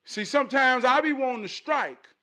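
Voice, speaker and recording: A man giving a casual motivational talk in an animated, preachy way, with streetwise slang. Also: extremely high pitch, moderate pace.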